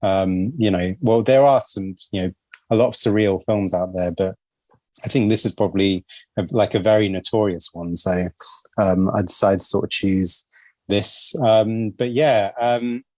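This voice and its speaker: A man's voice: on the low side, fairly even intonation, moderate pace, darkish tone, no room sound. A man hosting a podcast with friends, talking casually and rambling with fillers and laughs. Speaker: podcast host.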